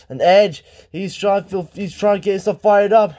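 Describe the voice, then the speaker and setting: Man, very high voice, play-by-play commentary, excitable, shouting bursts, swearing. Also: normal speed, hardly any pauses. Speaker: wrestling commentator.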